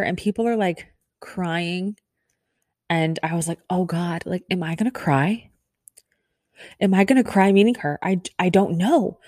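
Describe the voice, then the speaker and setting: A young woman tells a story about herself in a chatty, animated way, often poking fun at herself. Her voice sits a little low. The sound is close and dry, with no room echo. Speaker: podcast host. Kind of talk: casual storytelling.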